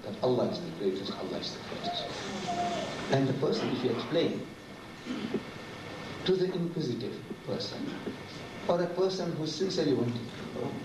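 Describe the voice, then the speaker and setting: A man gives an animated, humorous public lecture and sometimes mimics other voices. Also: medium pitch, normal speed, long pauses. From South Africa. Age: 70s. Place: large lecture hall. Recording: echoey hall, distant mic, noisy.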